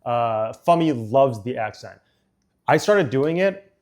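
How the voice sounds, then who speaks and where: A man streaming casual chat while building a model set, rambling with frequent fillers and quick laughs. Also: mid-range voice, expressive, a little mellow.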